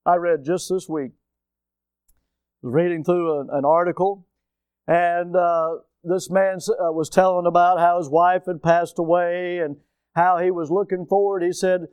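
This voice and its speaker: Male pastor, high voice, dry close sound, emphatic sermon delivery. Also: flat delivery, unhurried, smooth, no echo. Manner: emphatic preaching with rising shouts and sudden quiet drops.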